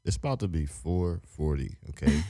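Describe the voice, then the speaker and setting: Show host, very deep voice, straight-talking with a joking edge. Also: male voice, expressive, normal speed, dark tone. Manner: blunt, joking, talks straight to the room. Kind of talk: casual chat.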